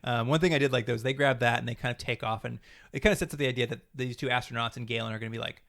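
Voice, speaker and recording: Co-host, male, rapid-fire and gravelly, casual rambling recap with quoted lines. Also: mid-range voice, fairly even intonation, fairly bright tone. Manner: fast, rambling retelling with acted-out quotes and laughs. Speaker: podcast co-host.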